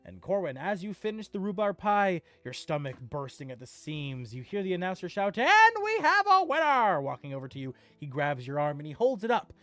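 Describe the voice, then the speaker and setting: A woman's voice: sits low, animated, fairly quick, hardly any pauses, no room sound, faint music behind. A woman running a tabletop game as dungeon master, narrating scenes descriptively with the odd filler.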